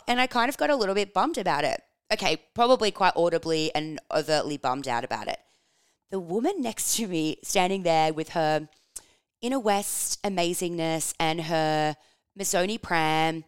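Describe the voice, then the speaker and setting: A woman, telling personal stories in a frank, animated way, swearing casually and laughing as she talks. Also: medium pitch, normal speed, clean tone, no echo, clean studio sound. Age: 30s. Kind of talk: personal storytelling, candid and confessional.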